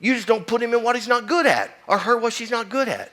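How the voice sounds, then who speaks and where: A man's voice: very high voice, lively intonation, quick pace, bright, forceful tone. A middle-aged man, a fire chief giving a blunt, preachy conference speech that keeps putting questions to the crowd.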